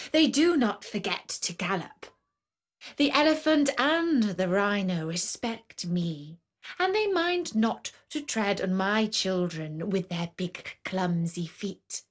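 A woman playing a proud lion queen. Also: medium pitch. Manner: haughty, stately storytelling. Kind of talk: storybook narration in character.

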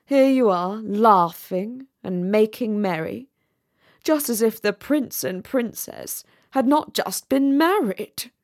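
A woman's voice: fairly high pitch, expressive, slow. A woman reading a storybook aloud, voicing a conceited, pompous male firework rocket in a haughty, dramatic manner. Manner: haughty, self-important, dramatic.

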